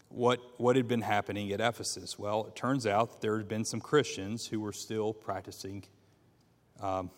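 A man teaching a Bible class, reading scripture aloud in a halting way with many fillers and restarts, and asking his class questions. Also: on the low side. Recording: long reverb in a hall.

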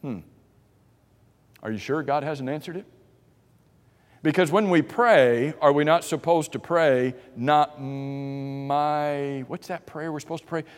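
A man's voice: fairly high pitch, slow pace. A man preaching a sermon, posing questions to his listeners and acting out the voices of doubters with emphasis. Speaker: pastor. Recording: long hall reverb.

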